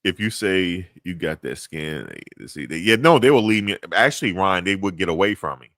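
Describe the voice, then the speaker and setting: A middle-aged man talks in a loose, rambling way as host of a casual chat. His voice sits very low. The sound is dry with almost no room around it. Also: sing-song, fairly quick, fairly bright tone, no room sound. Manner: laid-back, rambling, chuckles at own jokes. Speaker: podcast host.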